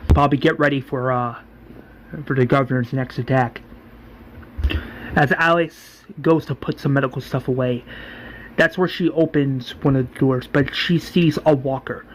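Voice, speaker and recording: A man's voice: medium pitch, fairly even intonation, normal speed, slight background noise. A man giving a casual, rambling spoken recap, full of fillers, acting out the lines. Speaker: fan recapper.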